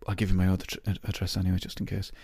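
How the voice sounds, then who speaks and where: Gravelly man rambling casually. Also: low-pitched, monotone, rapid-fire, a little mellow, no echo. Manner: rambling, self-mocking, jokey. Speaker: podcast host. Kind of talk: casual chat.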